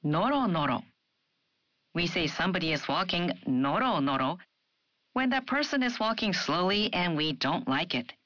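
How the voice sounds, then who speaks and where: A woman presenting a language lesson in a clear, measured, explanatory way. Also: fairly low pitch, sing-song, fairly bright tone, no room sound. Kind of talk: scripted educational narration. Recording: muffled studio broadcast audio.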